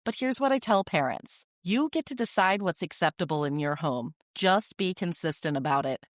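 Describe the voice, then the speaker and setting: A woman hosting a parenting podcast, giving advice in a calm, firm, direct manner with short, deliberate sentences. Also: fairly low pitch, no echo, studio quality. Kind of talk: scripted advice monologue.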